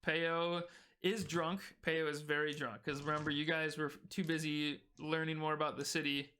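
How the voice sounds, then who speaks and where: A man's voice: fairly high pitch, flat delivery, moderate pace, bright, forceful tone, clean tone. A man narrating a homebrew tabletop game as game master, with loose, casual storytelling full of fillers.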